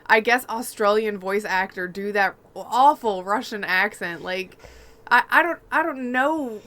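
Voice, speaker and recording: A woman's voice: mid-range voice, unhurried, a bit bright. A woman co-hosting a gaming podcast, telling rambling, chatty stories in casual conversation. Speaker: podcast co-host.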